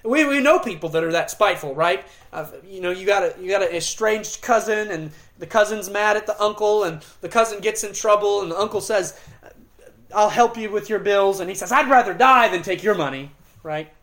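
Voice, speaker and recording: A middle-aged male pastor gives an expository sermon in an earnest, emphatic way, using dramatic pauses and sometimes restarting a line. His voice is high and a little bright.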